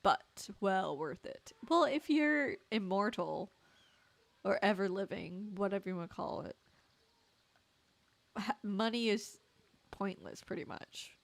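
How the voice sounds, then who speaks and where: A woman's voice: medium pitch, a little slow, creaky, long pauses. A woman streaming a game, making playful, giggly asides. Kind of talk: casual game commentary.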